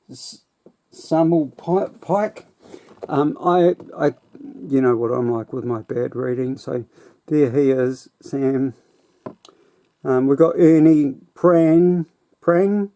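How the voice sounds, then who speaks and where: A man's voice: fairly high pitch, dark tone. A man casually reviewing a toy set in a rambling, self-deprecating way.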